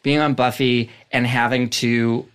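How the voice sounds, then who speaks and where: A man in his forties chatting as a guest, telling stories in an excitable, rambling way full of restarts. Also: mid-range voice, measured pace, clean tone. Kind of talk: casual podcast chat.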